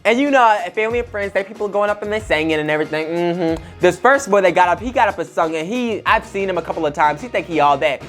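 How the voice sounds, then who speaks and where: A man's voice: high voice, lively intonation, fast, few pauses, a bit bright, faint music behind. A young man hosting a talk show, telling rambling gossip stories with lots of fillers. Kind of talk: casual gossip storytelling.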